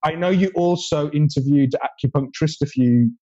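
A man's voice: a little high, moderate pace, dark tone, lo-fi sound. A man talking as a guest chef in a casual podcast chat, explaining gut health with enthusiasm and laughing easily.

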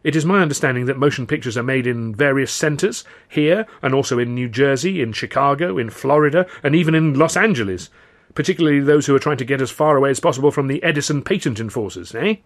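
A man's voice: medium pitch, quick pace, voice pushed up, close to an everyday voice. A man playing a breezy, self-assured young comedian who talks in an airy, flamboyant, declamatory way. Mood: theatrical.

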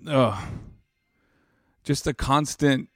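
In a dry, clean studio recording, a man in his thirties speaks very slowly at a medium pitch. He tells an emotional personal story earnestly and reflectively, rambling and restarting often. When he drives home a point he gets louder and more emphatic.

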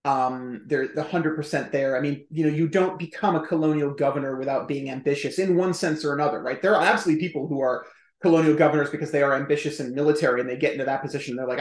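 A man speaking as a historian guest on a podcast, explaining at length in a chatty, emphatic way with quick asides. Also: a little high, roomy sound. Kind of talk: conversational podcast interview.

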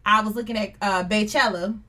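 A woman's voice: mid-range voice, fairly even intonation, a little fast, sharp tone. A young woman co-hosting a casual chat with friends, joking and rapping along to song lyrics. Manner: playful, profane, rapping lyrics. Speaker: podcast co-host.

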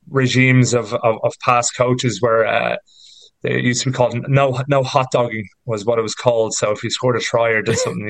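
Irish man in his thirties, casual podcast guest, rambling and flat-pitched, dry close mic. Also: no echo, poor audio. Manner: chatty, rambling storyteller with many fillers. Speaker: rugby player guest.

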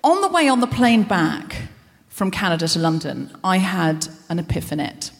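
A woman's voice: lowish voice, very animated, normal speed, vocal fry. Casual woman podcast host riffing nervously at herself, stage mic in a big reverberant concert hall. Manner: anxious self-deprecating rambling. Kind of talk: live stand-up monologue.

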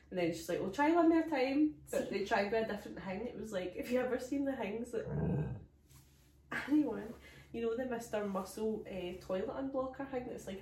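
On a comedy podcast, a Scottish co-host with a medium-pitched voice tells a story in a casual, lively way, acting out the voices of the people in it. She's recorded on a distant phone mic in an echoey room.

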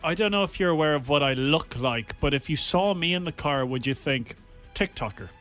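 A man's voice: a little high, lively intonation, brisk, fairly bright tone, soft background music. An Irish man co-hosting a radio show, teasing and joking with a playful, theatrical manner. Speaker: radio co-host.

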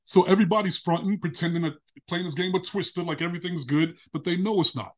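A man's voice: high voice, fast talker. A middle-aged man talking as a podcast guest in a casual interview, telling vivid stories and acting out the voices of the people in them. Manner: expressive storytelling, acting out quoted voices.

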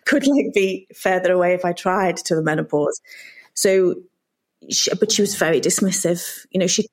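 A woman in her forties, a mother, candidly telling her story as a podcast guest in a halting way with restarts and nervous laughs. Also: fairly low pitch.

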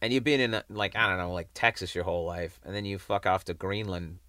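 British man, comedian guest, animated storyteller, close dry studio mic. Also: low voice, fast, no room sound. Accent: British, from near London. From England. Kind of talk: casual podcast chat.

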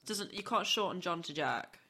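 A woman's voice: fairly low pitch, expressive, normal speed, gravelly, pushed and bright, slightly rough. A woman co-hosting a casual true-crime podcast, chipping in with wry, joking remarks. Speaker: podcast co-host.

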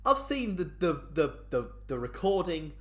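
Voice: mid-range voice, sing-song, unhurried. A co-host in casual chat, jokey and self-mocking, laughing in bursts. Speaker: podcast co-host.

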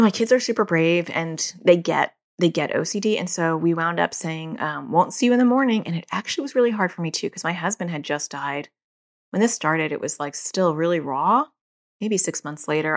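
A woman's voice: low-pitched, gravelly. A middle-aged woman hosting a solo parenting podcast, talking candidly and conversationally and laughing at herself now and then. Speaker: podcast host.

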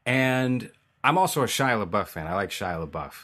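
A man's voice: fairly low pitch, lively intonation, moderate pace, fairly bright tone. A man hosting a casual podcast chat, prompting his guest in an easygoing way.

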